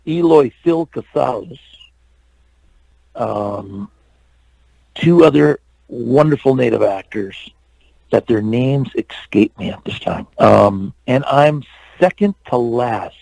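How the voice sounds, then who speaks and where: An older man, an actor and stuntman, telling lively anecdotes as a guest in an interview. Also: medium pitch, gravelly, no echo, rough recording. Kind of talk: storytelling interview.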